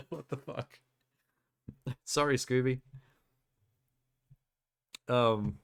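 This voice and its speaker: A man streaming from home, chatting casually and rambling through his reactions with frequent laughter. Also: medium pitch. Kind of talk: casual live-stream chat.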